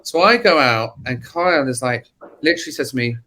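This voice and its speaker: A man's voice: mid-range voice, fairly quick. A man with children, a podcast guest, telling a story in casual chat with lots of swearing and acted-out quotes. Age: adult, has children. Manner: animated, swearing, acts out quotes.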